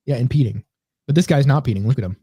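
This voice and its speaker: A man's voice: mid-range voice, quick pace, mellow, husky, no echo, clean studio sound. A man co-hosting a casual comedy podcast, rambling and sarcastic as he reads comments aloud. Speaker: podcast co-host.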